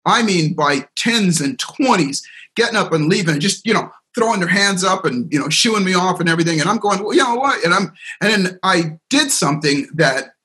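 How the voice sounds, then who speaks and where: A middle-aged man, a seminar speaker and coach, telling an animated story as a guest in a podcast interview. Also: high-pitched, a little fast. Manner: animated storyteller, acts out quoted voices.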